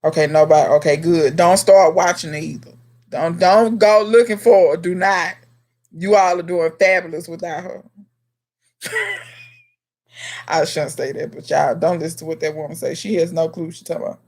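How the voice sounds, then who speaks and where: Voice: medium pitch, moderate pace, a little mellow. Chatty gardener hosting a live Q&A. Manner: chatty, talks straight to viewers by name, scolding in a teasing way. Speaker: livestream host and home gardener. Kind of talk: casual live Q&A chat with viewers.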